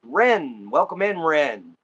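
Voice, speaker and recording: A man's voice: a little high, big pitch swings, slow, fairly bright tone, breathy edge, muffled recording. An American man hosting a casual livestream, chatting and laughing often as he greets viewers. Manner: laughs often, friendly sign-offs. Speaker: livestream host.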